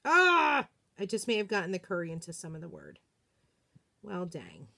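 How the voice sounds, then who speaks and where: A woman hosting a live crafting demo, chatting excitedly and talking to herself as she works. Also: on the low side, fairly quick, creaky, slightly rough. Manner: excitable, gushing, talks to herself while working. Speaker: craft demonstrator, live streamer.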